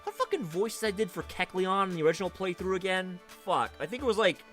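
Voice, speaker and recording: A man's voice: high voice, very animated, fast talker, fairly bright tone, soft background music. A man giving casual gaming commentary, swearing often and talking to viewers. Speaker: let's play streamer.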